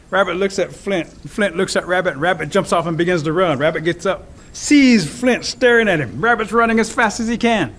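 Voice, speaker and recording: A man telling a traditional folk tale in an animated, expressive way. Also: a little high. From Cherokee Nation. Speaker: storyteller. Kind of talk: oral storytelling.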